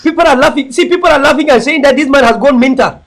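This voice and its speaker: A very high-pitched, bright and forceful male voice with a Cameroonian English accent that slides into Pidgin. He talks in an impassioned, mocking commentary style and hammers his points through repetition. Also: fast, gravelly. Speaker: political commentator.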